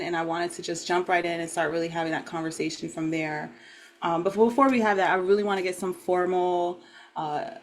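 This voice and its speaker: A woman hosting a podcast, opening the show in a gentle, unhurried way with spiritual phrasing. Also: fairly low pitch. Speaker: podcast host. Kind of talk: podcast opening and host talk.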